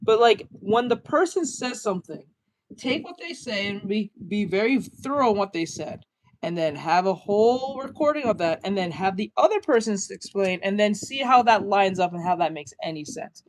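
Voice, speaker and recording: A man's voice: high voice, expressive, normal speed. A man giving blunt, crude reaction commentary on a clip, often laughing at his own jokes.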